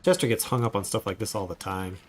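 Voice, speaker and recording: A man's voice: lowish voice, fast. A man chatting casually while he livestreams a game, rambling into asides as he plays. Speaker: gaming streamer.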